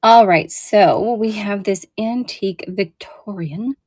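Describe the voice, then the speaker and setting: A woman's voice: medium pitch, takes it slowly, few pauses, darkish tone, breathy edge, no room sound. A woman hosting a casual live selling show, chatting with lots of fillers and friendly asides as she shows vintage jewelry. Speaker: online vintage jewelry seller.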